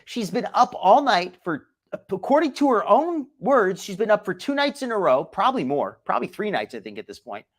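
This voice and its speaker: A man hosting live commentary on stream clips, his pitch swinging widely as he talks. He sounds incredulous and critical. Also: very animated, fairly quick. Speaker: host.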